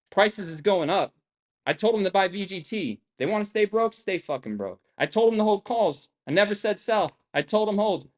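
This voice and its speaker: A young man hosting a trading live stream, ranting with constant swearing, boastful and combative, firing off the same rhetorical questions again and again. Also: sits high. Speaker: trading livestream host. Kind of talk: profane live-stream rant.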